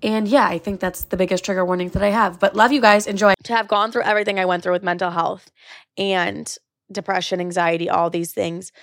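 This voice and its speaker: A woman's voice: mid-range voice, steady tone, brisk, dry recording, clean studio sound. A young woman hosting her own podcast, talking casually and candidly with lots of swearing and "like" fillers. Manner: candid and profane, many "like" fillers. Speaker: podcast host. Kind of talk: casual solo podcast talk.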